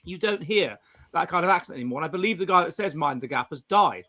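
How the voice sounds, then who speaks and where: A middle-aged English man hosting a casual live-stream chat, animated, with frequent restarts and playful mimicry. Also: on the high side, quick pace. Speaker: host.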